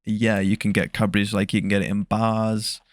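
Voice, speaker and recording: A young English man speaking softly as an interview guest, in hesitant, soft-spoken chat full of ums. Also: fairly low pitch, flat delivery, moderate pace, dry recording, clean studio sound. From England. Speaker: guest ASMR creator.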